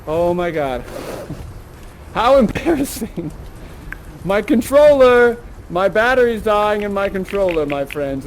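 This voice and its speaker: Man, high voice, chatty theatre guide, animated, virtual reality headset mic. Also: a little hiss or hum. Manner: chatty, animated, tags lines with okay and right. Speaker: actor and guide of an interactive theatre show.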